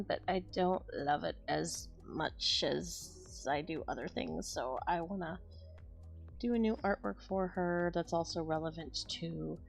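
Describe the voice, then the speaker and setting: A woman's voice: on the low side, gravelly. Rambling woman chatting while she draws. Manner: rambling, self-deprecating, chats with viewers. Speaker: artist streaming her drawing. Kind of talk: casual chat while drawing.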